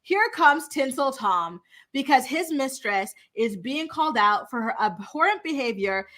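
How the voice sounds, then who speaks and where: A woman's voice: high voice, expressive, measured pace, fairly bright tone. A young woman giving a sassy, gossipy recap of a reality show, full of fillers and asides. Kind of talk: casual recap commentary.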